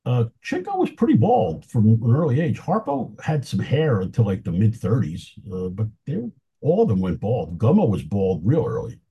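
A man's voice: medium pitch, huge pitch swings, normal speed, dark tone, slightly rough, lo-fi sound. A man talking casually as an interview guest, telling anecdotes with enthusiasm and chuckling now and then. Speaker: film historian guest.

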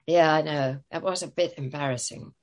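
An older woman with a low, slightly mellow voice tells stories as a guest in a casual interview. She speaks at a moderate pace but sounds hesitant, with lots of fillers and restarts.

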